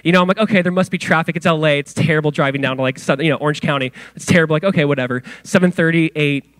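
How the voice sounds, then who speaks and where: A man in his thirties preaching with a high, light voice, recorded dry and close with no room sound. He talks in a loose, excitable way, full of slang and "like," and tells stories as he goes. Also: very fast, no room sound. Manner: casual, excitable storytelling with many "like"s. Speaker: pastor. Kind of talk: sermon.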